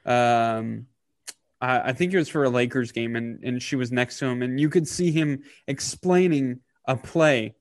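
A man in his thirties talking casually on a podcast, halting with many fillers and getting choked up. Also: mid-range voice, no room sound, studio quality. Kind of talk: casual emotional podcast talk.

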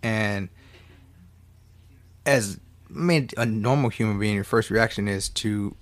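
A man's voice: lowish voice, slow, pauses often. Man in his thirties, casual profane movie reviewer, rambling with joking asides.

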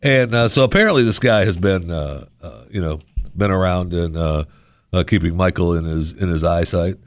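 A man's voice: low-pitched, normal speed, no echo. A man hosting a radio talk show, rambling on in a sarcastic, jokey monologue from a studio microphone.

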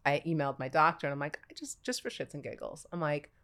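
Woman in her 40s, podcast guest, super animated storytelling, mimics people, laughs a lot. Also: deep voice, fast talker. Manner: animated storyteller, acts out quotes, laughs often. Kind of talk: casual chat.

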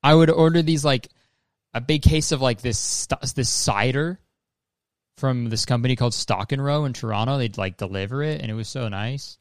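A man's voice: mid-range voice, moderate pace, dry recording, studio quality. A man hosting a podcast in casual, rambling chat, swearing freely and laughing often. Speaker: podcast host.

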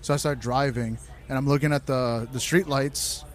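Here a man at medium pitch and normal speed swaps loose, swearing-filled stories about wild nights. The talk is casual, and his anecdotes come out animated.

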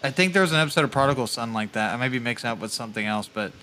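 A man's voice: mid-range voice, animated, racing, bright, forceful tone, a little hiss or hum. A man co-hosting a casual podcast chat, joking around and swearing freely as he rambles through his points. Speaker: podcast co-host.

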